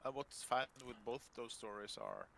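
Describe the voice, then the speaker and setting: Quiet encouraging man, slightly gravelly. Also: mid-range voice, wildly swooping pitch, normal speed, background noise. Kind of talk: casual chat.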